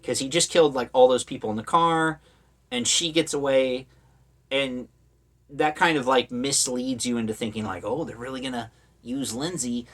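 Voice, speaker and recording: A man's voice: mid-range voice, normal speed. A man talking casually about horror movies, rambling with lots of fillers and sarcastic asides. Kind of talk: casual opinionated commentary.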